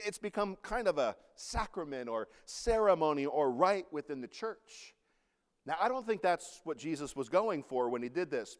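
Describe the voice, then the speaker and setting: A man giving an earnest, measured sermon, retelling a story and quoting lines with emphasis. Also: fairly high pitch. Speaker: preacher. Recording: long hall reverb.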